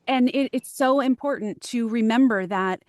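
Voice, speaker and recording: A woman's voice: fairly high pitch, moderate pace, dry recording, studio quality. A woman with a Texan accent, a voice actor talking earnestly and hesitantly in a casual podcast interview. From Texas. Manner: earnest, lively, hesitant with frequent ums. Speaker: voice actor guest.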